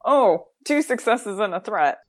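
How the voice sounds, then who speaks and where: A woman's voice: mid-range voice, animated, a little slow. A woman playing a tabletop game, casual and playful with frequent giggles. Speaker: player.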